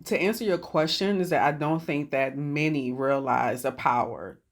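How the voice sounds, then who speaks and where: A woman physician speaking as a guest in a conversation, explaining things in a measured way. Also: deep voice. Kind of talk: intimate conversation.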